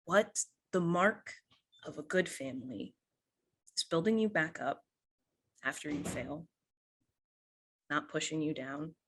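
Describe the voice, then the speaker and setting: A narrator putting on a gentle, consoling woman. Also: medium pitch, slow, long pauses. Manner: gentle, reassuring, hesitant. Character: gentle, caring woman comforting a young person.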